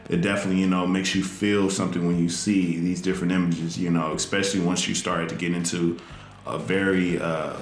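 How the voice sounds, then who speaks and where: A man's voice: low voice, reverberant. A man hosting a casual podcast interview, rambling and searching for his words as he asks questions. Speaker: podcast host.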